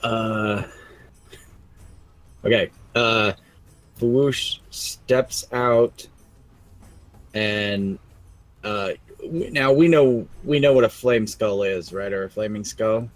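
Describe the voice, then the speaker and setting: Very slow-talking man playing a tabletop game. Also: lowish voice, dry recording, faint music behind. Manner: very slow, laughing, hesitant. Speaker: player. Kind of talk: casual tabletop play.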